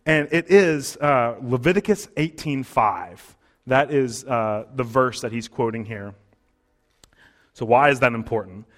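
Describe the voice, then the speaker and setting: Man, pastor, sermon, conversational, mid-pitched, fillers and restarts. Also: measured pace, a bit bright.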